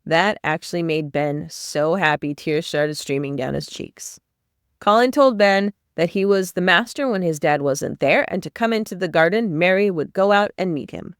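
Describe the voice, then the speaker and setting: A woman with a smooth voice on the low side, speaking at normal speed, hosts a podcast summarizing a novel chapter by chapter. She uses plain storytelling with brief asides, recorded in a clean studio with no echo.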